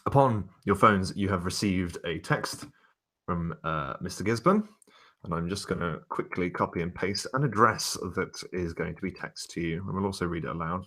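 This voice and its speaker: Deep-voiced male game master. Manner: relaxed, wordy narration with fillers. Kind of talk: narrating a tabletop game.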